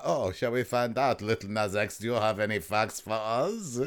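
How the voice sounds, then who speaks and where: A man's voice: mid-range voice, animated, measured pace. A man co-hosting a casual music podcast, rambling and self-mocking, swearing freely as he reminisces. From England. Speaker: podcast co-host.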